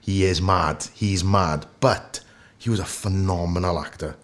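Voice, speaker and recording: A man with a Welsh accent and a very low voice chats as a podcast guest. He tells his stories with animation, acting out the bits as he goes. He sounds like someone in his thirties. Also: measured pace. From Wales. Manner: animated storyteller who acts out anecdotes. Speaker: actor guest. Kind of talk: casual podcast interview.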